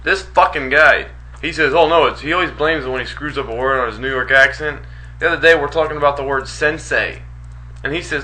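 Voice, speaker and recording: A man's voice: fairly high pitch, fast, bright, forceful tone, rough recording. A man co-hosting a wrestling talk radio show, teasing his partner in profane, casual banter.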